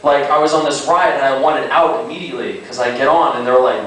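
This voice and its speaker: Rambling young stand-up comic, echoey club. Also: male voice, mid-range voice, fairly even intonation, a bit bright. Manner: rambling, halting, with many fillers and self-aware asides. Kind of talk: stand-up comedy set. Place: small comedy club. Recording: echoey club, distant mic, audible noise.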